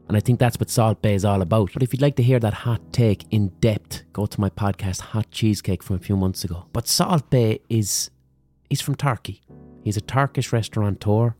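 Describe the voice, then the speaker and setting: Wry low-voiced man with hot takes. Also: normal speed, a little mellow, faint music behind. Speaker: podcast host. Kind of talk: comic hot-take monologue.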